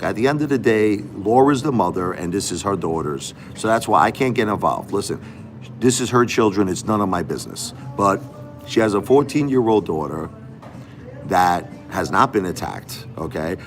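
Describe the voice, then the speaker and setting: A middle-aged man hosting a livestream, venting emphatically and repeating himself as he talks straight to his viewers. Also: low voice. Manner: emphatic, repetitive, addresses viewers directly. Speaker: livestream host. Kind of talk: emotional livestream rant.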